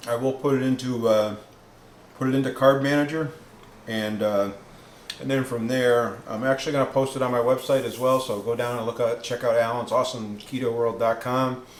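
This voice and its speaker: A man's voice: mid-range voice, fairly even intonation, normal speed, reverberant, a little hiss or hum. A man hosting a casual cooking vlog, rambling with many ums and restarts, sometimes talking while tasting food. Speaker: keto cooking vlogger.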